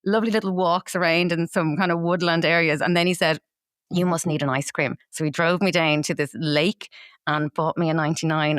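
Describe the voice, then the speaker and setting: A woman's voice: low-pitched, a bit bright, dry recording, clean studio sound. A woman co-hosting a podcast, telling a fond travel story in a casual chat, with some laughter. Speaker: podcast co-host.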